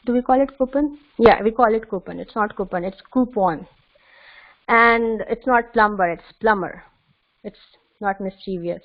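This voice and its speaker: A woman's voice: medium pitch, no echo. A woman giving tips in an online webinar, hesitant with many fillers and restarts. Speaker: webinar presenter. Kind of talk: instructional webinar talk. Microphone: video call. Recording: tinny phone-like call audio.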